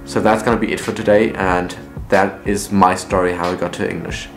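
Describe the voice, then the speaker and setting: A man's voice: deep voice, fairly even intonation, fairly quick. A young man, talking earnestly and reflectively in a casual personal vlog, often restarting his sentences. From Germany, raised partly in the US. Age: young adult. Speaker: vlogger. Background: faint laid-back guitar music.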